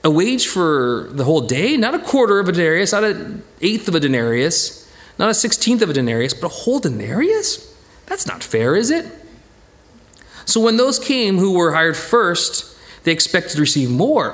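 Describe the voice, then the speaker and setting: A man's voice: high-pitched, sing-song, moderate pace, a bit bright. A man teaching a Bible study from slides, retelling a parable and acting out its characters in quoted voices.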